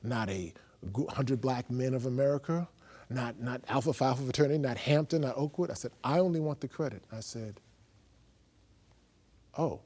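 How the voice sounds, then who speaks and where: A man, a guest on a faith program, telling his testimony as a lively story and acting out both sides of a dialogue. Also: mid-range voice, moderate pace, long pauses. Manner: acts out dialogue, swinging from loud to hushed.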